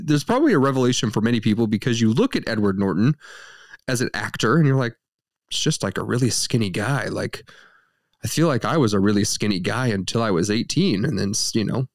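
A man's voice: on the low side, lively intonation, fast, no echo, studio quality. A young man co-hosting a casual film review podcast, joking and playful as he talks.

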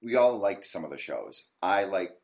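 A man, a ghost hunter guest telling stories in a casual interview, animated and lively. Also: low voice, normal speed. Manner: animated storyteller, acts out yelling at the TV.

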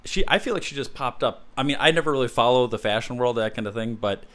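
A man's voice: mid-range voice, fast, fairly bright tone. A man co-hosting a podcast in casual chat, rambling with lots of fillers and restarts. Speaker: podcast co-host.

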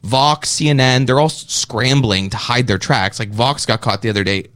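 A man's voice: medium pitch, moderate pace, no room sound. A man from Canada, a podcaster and comedian, telling a story in a rambling way in casual podcast talk. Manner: rambling, animated storytelling with mocking quoted voices. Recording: played clip from another podcast.

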